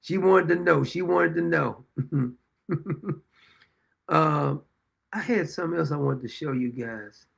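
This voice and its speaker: A middle-aged man hosts his own show and talks through homespun stories with a high-pitched voice and a rough, gravelly edge. He repeats lines for emphasis and breaks into frequent chuckles. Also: slow, long pauses, a bit bright. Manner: chuckles often while telling anecdotes; folksy, repeats phrases for emphasis. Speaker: show host. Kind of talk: casual storytelling monologue.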